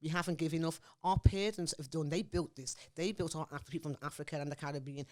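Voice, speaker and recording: A woman's voice: low voice, fairly even intonation, quick pace, darkish tone. A woman in her forties with a Scouse accent, speaking as an interview guest in a forthright, emphatic way. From Liverpool, England. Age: 40s. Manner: emphatic, forthright, often asks "you understand me?". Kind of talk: impassioned interview talk.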